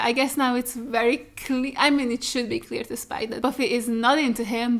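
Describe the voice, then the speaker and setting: A young woman hosting a reaction video, chatting casually and animatedly, swearing freely. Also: fairly high pitch. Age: young adult. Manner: animated, swearing freely, mocking voices in quotes. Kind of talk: casual chat.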